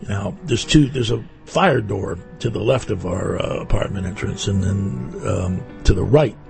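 A man's voice: on the low side, a little slow, vocal fry, a little mellow, faint music behind. A man hosting a radio show, chatting casually and telling wry, rambling stories into a studio microphone. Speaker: radio host. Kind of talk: casual chat.

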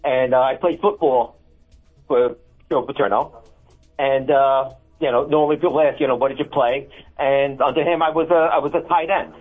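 A man's voice: medium pitch, fairly even intonation, moderate pace, faint music behind. A man calling a radio show who hesitantly tells a joke about his college days. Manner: hesitant, lots of ums. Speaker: caller. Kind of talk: telling a joke on the phone. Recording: tinny phone line.

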